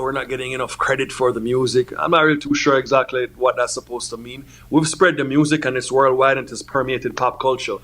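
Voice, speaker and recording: A man from Jamaica who works as a music producer, giving relaxed interview answers that are full of "you know what I mean". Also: medium pitch.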